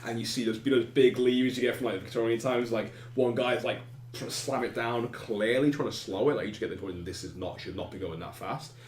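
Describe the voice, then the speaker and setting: A man running a tabletop game as game master, narrating scenes and briefly acting out shouting side characters. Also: medium pitch, fairly quick, reverberant, a little hiss or hum.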